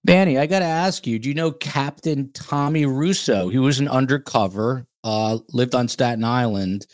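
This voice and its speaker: A man's voice: mid-range voice, no room sound, studio quality. A man with a New York accent hosting a podcast, talking casually with frequent hesitations. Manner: casual, halting with fillers. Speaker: podcast host. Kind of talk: podcast interview.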